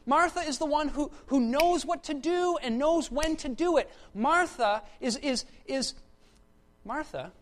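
Expressive preacher swinging loud to hushed. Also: sits high, a little slow. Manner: repeats words for emphasis. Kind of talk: sermon.

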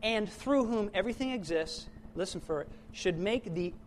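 A man's voice: high-pitched, animated, normal speed, a little hiss or hum. A man preaching a sermon in an earnest way, often repeating words and correcting himself as he goes.

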